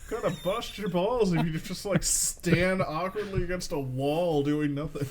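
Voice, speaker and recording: A man's voice: sits high, a little slow, slight background noise. A man co-hosting a podcast in casual chat, throwing in dry, teasing, sarcastic remarks. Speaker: podcast co-host.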